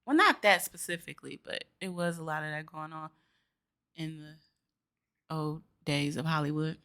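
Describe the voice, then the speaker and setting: Brief: laid-back female co-host, bright voice, terse replies. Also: sits low, unhurried, clear, resonant tone. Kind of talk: casual movie review chat.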